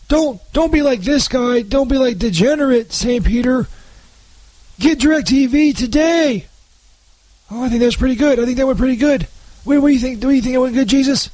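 High-pitched stammering man in a skit. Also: darkish tone, no echo. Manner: halting, stumbling over words, profane. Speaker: comedy show regular playing Saint Peter. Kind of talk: comedy sketch.

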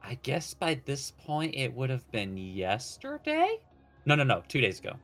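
A man playing a tabletop game, halting and full of fillers. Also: mid-range voice, huge pitch swings, a bit bright, faint music behind. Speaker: player.

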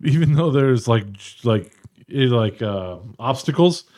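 A man's voice: medium pitch, lively intonation, measured pace, a little mellow. A man co-hosting a casual podcast, teasing the others with jokes. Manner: teasing, joking banter. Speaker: podcast co-host. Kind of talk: casual chat.

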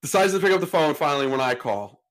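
Guy on a podcast telling a wild story, casual and animated, acts out the voices. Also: a little high, quick pace. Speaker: podcast host.

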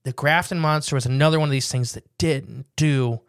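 A man chatting casually as a podcast co-host. He rambles with a joking edge and drags out the key words. The sound is dry and close, with a middling pitch. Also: smooth, no echo. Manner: rambling, jokey, slows to stress details.

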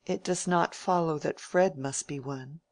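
Woman reader voicing a blunt, dry-witted young woman from a period storybook, in a low voice. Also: measured pace, a little mellow, no echo. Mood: dry, frank. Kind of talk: audiobook character reading.

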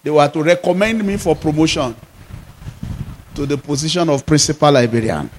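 A man's voice: on the high side, expressive, normal speed, slight background noise, rough recording. A man preaching a sermon as pastor, emphatic and full of repeated rhetorical questions.

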